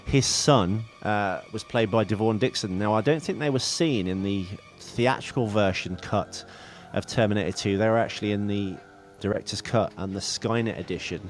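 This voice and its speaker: A man's voice: lowish voice, normal speed, few pauses, faint music behind. A man co-hosting a podcast, chatting casually about films, rambling and correcting himself with jokes. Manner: rambling, self-correcting, jokey. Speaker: podcast co-host. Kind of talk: casual film chat.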